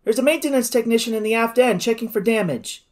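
A man reading aloud, voicing an eager young male junior officer who answers in crisp, dutiful replies. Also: extremely high pitch, fast talker, voice pushed up.

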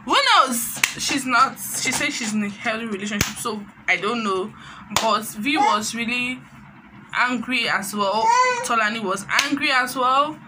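A woman with a Nigerian accent chatting through a casual gossip recap of a reality show, animated and sprinkling in Pidgin phrases. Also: on the high side, a little slow, heavy background noise.

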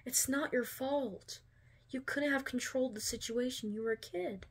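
A woman reading a fan story aloud, voicing a gentle, worried teenage boy who speaks in a soft, hushed, hesitant way. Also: high-pitched, moderate pace, husky. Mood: consoling. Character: gentle, worried teen boy, caring boyfriend.

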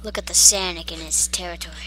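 A woman's voice: on the low side, steady tone, fast talker, faint music behind. A woman giving casual gameplay commentary, talking playfully to the creatures on screen. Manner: talks to game creatures in a hushed, playful way.

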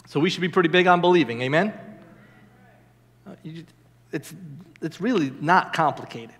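A young man preaches an animated, enthusiastic sermon, checking in with the congregation as he goes. His voice sits high for a man. Long reverb from the church hall trails each phrase. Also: normal speed. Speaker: minister. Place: church sanctuary.

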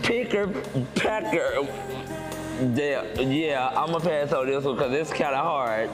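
Slow, hesitant man stumbling through words. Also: fairly high pitch, over music. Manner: hesitant, stumbling, laughs at his own mistakes. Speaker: game contestant.

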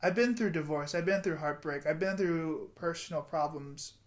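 A man's voice: a little high, normal speed. A man in his twenties giving an earnest, rambling motivational vlog monologue with guided breathing and affirmations. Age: 20s. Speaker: vlogger.

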